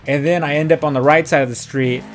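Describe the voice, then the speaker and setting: A young gaming streamer with a higher, steady voice talks fast, telling a rambling story full of fillers and quoted dialogue while he plays a driving game. Soft background music plays.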